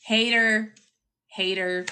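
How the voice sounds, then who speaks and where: A young woman reading tarot cards for her viewers in a loose, foul-mouthed, teasing way, laughing as she goes. Her voice sits at a middling pitch, and a faint hiss runs under it. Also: fairly even intonation, slow pace, sharp tone. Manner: brash, profane and teasing, laughing often. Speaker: tarot reader. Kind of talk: casual tarot reading to camera.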